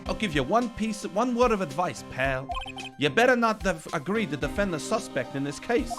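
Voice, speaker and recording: Man voicing a gruff male police detective, brash, calls people pal, lively pitch, music in background. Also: moderate pace.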